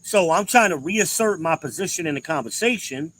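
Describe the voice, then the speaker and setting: A man on his own show rants in a blunt, profane way and leans hard on his inflections. His voice sits a little high, and the tone is bright and forceful. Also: animated, brisk, rough recording. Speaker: podcast host. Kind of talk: ranting commentary.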